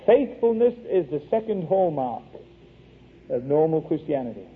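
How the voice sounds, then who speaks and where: Male preacher, earnest and wry, a bit high and husky, tinny radio broadcast sound. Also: big pitch swings, normal speed. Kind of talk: sermon with storytelling.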